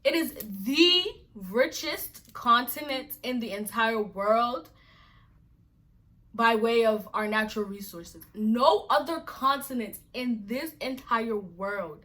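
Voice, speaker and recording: A woman's voice: a little high, takes it slowly, pushed and bright. A woman from Nigeria vlogging to camera, exasperated and emphatic, firing off repeated rhetorical questions. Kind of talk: casual to-camera rant.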